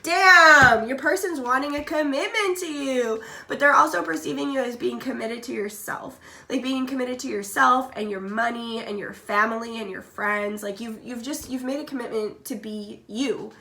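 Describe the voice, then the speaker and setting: A woman's voice: fairly high pitch, moderate pace, hardly any pauses, sharp tone. A woman doing a casual tarot reading, blunt and chatty, swearing freely and coughing now and then while she is sick. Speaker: tarot reader. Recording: echoey room, faint background noise.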